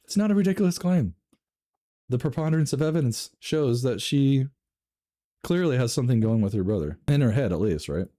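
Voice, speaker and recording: A man reading online stories aloud and reacting with laughs, swearing and sudden jumps in pitch. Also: fairly quick, mellow. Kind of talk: casual reading and commentary.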